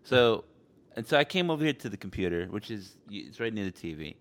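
A man's voice: lowish voice, fast talker. A man co-hosting a casual chat, telling a story with energy and swearing casually. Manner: animated storytelling, swears casually, mimics other people. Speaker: podcast co-host.

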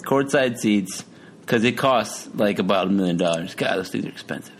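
A man with a somewhat low voice hosts a relaxed chat among friends. He rambles from one thought to the next, joking and swearing freely. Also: normal speed, creaky, slight background noise. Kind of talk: casual chat.

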